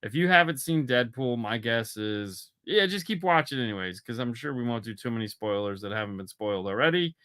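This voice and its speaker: A man's voice: medium pitch, fairly quick, hardly any pauses. A man co-hosting a casual podcast chat, telling stories and slipping into imitation voices. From Florida. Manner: animated storyteller, slips into imitation voices. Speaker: podcast co-host.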